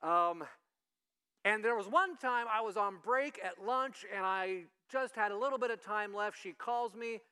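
A male pastor giving a conversational sermon, lively and acting out the voices he quotes. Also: high voice, measured pace, smooth. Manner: animated, acts out quoted voices.

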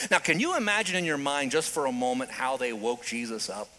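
Male preacher, lively sermon storyteller, bright voice that swings all over. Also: a little high. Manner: animated storytelling, dramatic pauses.

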